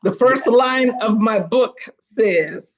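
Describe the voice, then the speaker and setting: An older woman, a guest on a video call, telling stories in a chatty, animated way and often restarting her sentences. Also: fairly high pitch, slow pace, lo-fi sound. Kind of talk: casual storytelling on a video call.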